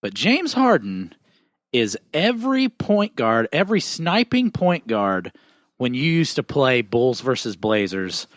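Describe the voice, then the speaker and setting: A man in his thirties, co-hosting a podcast, cracking quick jokes in casual talk. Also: mid-range voice, very animated, dry recording, studio quality. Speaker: podcast co-host. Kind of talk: casual chat.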